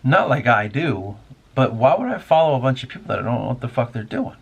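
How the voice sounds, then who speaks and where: Male host, mid-pitched and a little raspy, loose profane monologue, thinking out loud. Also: sing-song, brisk. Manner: rambling, profane, musing aloud. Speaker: podcast host. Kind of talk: casual spoken monologue.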